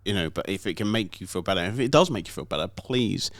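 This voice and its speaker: A man's voice: on the low side, lively intonation, fast, a bit bright, dry recording, clean studio sound. A British man co-hosting a podcast, chatting casually with many small hesitations. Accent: British English. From Britain. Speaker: podcast co-host. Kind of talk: casual chat.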